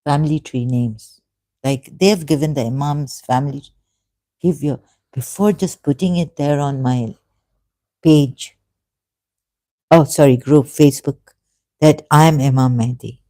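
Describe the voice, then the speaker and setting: Guy, halting and earnest, dark mellow tone, dry sound. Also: on the high side, no room sound. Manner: halting, many restarts and fillers, earnest and pleading. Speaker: religious video commentator. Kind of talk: emotional monologue to camera.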